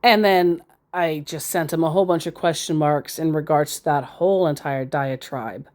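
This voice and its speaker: A woman's voice: low voice, normal speed, a little mellow. A woman giving casual, sarcastic commentary as she reads out messages from scammers, rambling into asides. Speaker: scambaiter reading scam chats.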